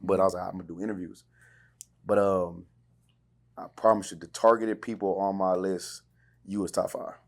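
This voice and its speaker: A man's voice: sits low, fairly even intonation, normal speed, pauses often. A man from California hosting a podcast interview in laid-back street slang. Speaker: podcast host. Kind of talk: casual interview chat.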